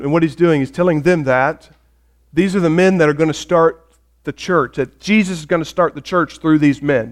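A man preaching a sermon as a pastor, conversational and storytelling, dropping soft when he reads scripture. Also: a little high.

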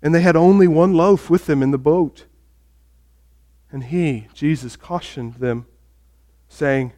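A man preaching a sermon as a pastor, conversational and storytelling, dropping soft when he reads scripture. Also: on the high side, slow pace, pauses often.

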